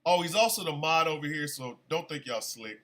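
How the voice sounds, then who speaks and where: A man hosting a casual live radio show, chatty and animated, still congested from an illness. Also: fairly high pitch, a little fast. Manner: chatty, animated, shouts at his dogs. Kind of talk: casual livestream talk radio.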